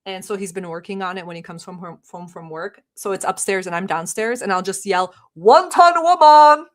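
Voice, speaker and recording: A woman's voice: lowish voice, fairly even intonation, fairly quick. Brash sarcastic woman streamer. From Middle East. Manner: brash, sarcastic, mock-yelling at chat. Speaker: livestream host. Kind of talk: casual livestream commentary.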